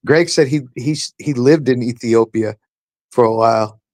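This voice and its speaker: A man's voice: medium pitch, normal speed, no room sound. A man co-hosting a livestream, chatting in a laid-back way with chuckling interjections. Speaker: livestream co-host. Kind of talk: casual chat.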